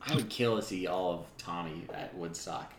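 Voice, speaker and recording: A man's voice: deep voice, moderate pace. Rambling young man in a roomy space. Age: young adult. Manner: rambling, thinking aloud with many fillers. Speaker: podcast co-host. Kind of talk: casual chat.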